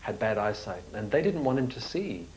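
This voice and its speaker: A man's voice: lowish voice, very animated, moderate pace, a little mellow, slight background noise, poor audio. A man presenting a travel show, chatty and enthusiastic as he narrates and talks with people.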